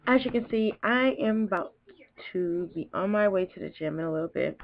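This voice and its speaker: A woman's voice: medium pitch, animated, a little fast. A young woman vlogging casually, talking emotionally in a rambling way with restarts. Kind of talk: casual vlog talk. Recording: dull lo-fi home video.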